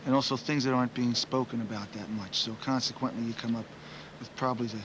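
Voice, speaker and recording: A man's voice: mid-range voice, steady tone, fast, noisy background. A man in his forties, a musician, giving rambling, reflective interview answers full of "you know" fillers.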